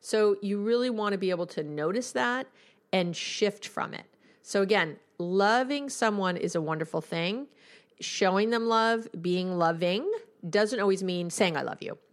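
A woman's voice: medium pitch, measured pace. A woman, a couples therapist, hosting an advice podcast in a candid, conversational and emphatic way.

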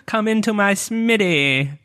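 A man voicing a jovial, welcoming male dwarf smith in a high, overly polite put-on voice during a tabletop game. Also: animated, very slow, fairly bright tone, heavily acted. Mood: cheerful. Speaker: player.

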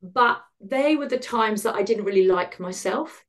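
Wry, lively woman telling her story. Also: mid-range voice, normal speed. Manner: animated, wry, acts out quoted voices. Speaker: podcast guest. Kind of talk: candid conversational storytelling.

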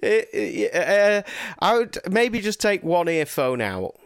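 A man's voice: high voice, sing-song, takes it slowly, smooth, no echo, clean studio sound. A man co-hosting a casual podcast chat, rambling and joking at his own expense. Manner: rambling, jokey, self-deprecating. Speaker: podcast co-host.

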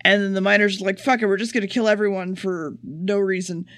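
A man's voice: high-pitched, steady tone, a bit bright, dry recording, studio quality. A man co-hosting a podcast, recapping an episode in a casual, profane, sarcastic way. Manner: profane, sarcastic, rapid plot summary. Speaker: podcast co-host.

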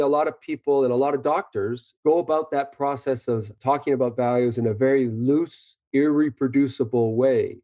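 Man, doctor, interview guest, measured, earnest, dark voice, dull lo-fi recording. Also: medium pitch, no room sound. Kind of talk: interview answers, explaining.

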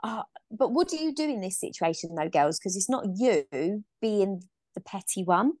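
A woman's voice: mid-range voice, lively intonation, moderate pace, darkish tone, dry recording, clean studio sound. A woman co-hosting a podcast in casual chat, frank, with hesitant restarts. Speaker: podcast co-host.

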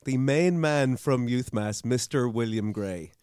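An Irish man co-hosting a podcast in casual chat, jokey and quick to laugh as he reads out news items. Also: mid-range voice, darkish tone, clear, resonant tone, no room sound, clean studio sound. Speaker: podcast co-host.

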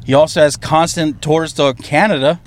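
A podcast co-host riding in a car, a man with a slightly high voice. He chats casually, swearing often and ranting with energy. Clear road and car noise runs under his voice. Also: moderate pace. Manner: profane, animated ranting. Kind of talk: casual chat.

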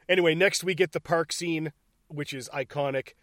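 A man's voice: a little high, fairly bright tone, no echo. Profane, laughing movie-chat man, dry mic. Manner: profane, laughing, acts out scenes in quick bursts. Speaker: podcast co-host.

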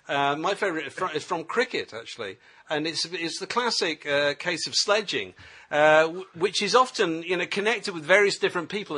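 A man hosting a casual chat, leading the round and telling stories with animated delivery. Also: a little high, slightly rough. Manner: animated storyteller, often laughing. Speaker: host.

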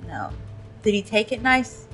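A woman's voice: a little high, very animated, a little slow, fairly bright tone, faint music behind. A woman playing in a tabletop game who chats casually and laughs often. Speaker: player. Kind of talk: casual chat.

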